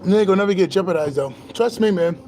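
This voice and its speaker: Boastful high-voiced man ranting about truth. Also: racing, faint music behind. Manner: boastful, animated street slang, swears freely; laughs between lines. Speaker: spiritual vlogger. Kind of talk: casual monologue to camera.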